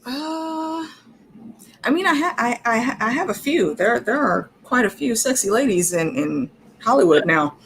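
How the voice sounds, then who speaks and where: A woman's voice: on the high side, lively intonation, normal speed, creaky, fairly bright tone, a little hiss or hum. A woman guest on a livestream, chatting casually and hesitantly, restarting her phrases. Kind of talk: casual chat.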